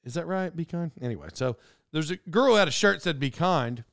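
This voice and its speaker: A podcast host with a higher-pitched, smooth and clear voice talks on his own, drifting from one story to the next and working himself up. The sound is close and dry, with no room around him. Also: animated, fairly quick, fairly bright tone, dry recording. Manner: digressive and self-interrupting, ranting. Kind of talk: rambling solo monologue.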